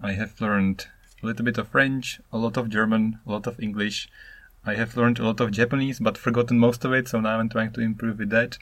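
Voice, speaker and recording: Non-native man from Czechia, 30s, solo podcast host; lower voice, animated rambling monologue. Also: fairly quick, dry recording. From Czech Republic. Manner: rambling, animated, acts out intonations.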